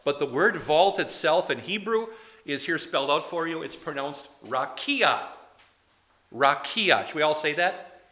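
Bright-toned chatty male preacher. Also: a little high, moderate pace. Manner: chatty and digressive, quizzing the congregation. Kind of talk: conversational sermon teaching.

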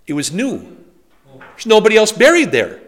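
Animated pastor teaching Bible study. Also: male voice, high voice, moderate pace. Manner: lively storytelling with humorous asides and rhetorical questions.

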